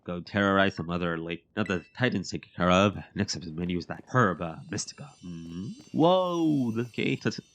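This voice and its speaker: A young man giving chatty, excitable let's-play commentary on a game, mocking himself as he goes. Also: low voice, brisk, few pauses. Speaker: gaming commentator.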